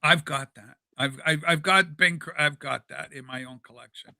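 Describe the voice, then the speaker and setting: A man hosting a casual livestream chat, rambling and animated with plenty of fillers. His voice sits high for a man and sounds very bright and sharp. The desk mic picks him up dry and close. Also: moderate pace, creaky, no echo. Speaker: livestream show host. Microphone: desk microphone.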